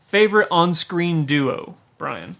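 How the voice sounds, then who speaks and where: Guy hosting a chill podcast, kinda high voice, bright, laughs a lot. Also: lively intonation, slow, vocal fry. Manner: laughs often, eager banter. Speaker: podcast host. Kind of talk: casual chat.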